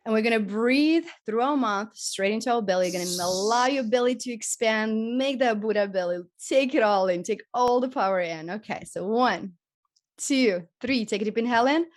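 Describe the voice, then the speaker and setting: A woman from Europe leading a live group healing session, speaking gently and encouragingly as she demonstrates breathing and voice techniques. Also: a little high, normal speed. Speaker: spiritual healing teacher. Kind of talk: live group workshop teaching.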